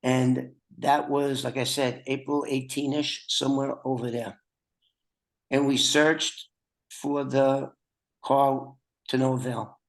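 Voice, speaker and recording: A man's voice: medium pitch, little pitch movement, slow pace, rough recording. An older man hosting a podcast over a video call, chatting casually with rambling, joking asides. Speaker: podcast host.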